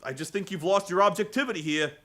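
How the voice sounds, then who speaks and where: A man impersonating a hesitant male wrestling commentator who lectures a colleague with halting stammers. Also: sits high, bright, forceful tone. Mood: disapproving.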